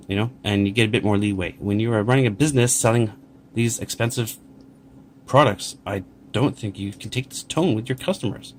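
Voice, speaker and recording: A man's voice: medium pitch, slight background noise. A middle-aged man vlogging casually, indignantly rambling about poor customer service and reading emails aloud. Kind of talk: casual vlog commentary.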